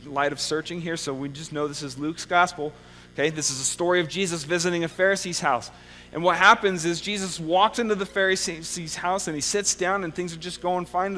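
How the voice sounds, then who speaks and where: Male pastor, conversational sermon, slightly high voice, long church reverb, faint hum. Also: a bit bright. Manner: conversational preaching with frequent "okay?" check-ins. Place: church sanctuary.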